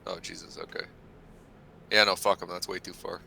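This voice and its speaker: A man's voice: deep voice, flat delivery, normal speed, gravelly, sharp tone. A man playing a tabletop game, chatting loosely with swearing and restarts. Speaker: player. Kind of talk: casual tabletop game chat.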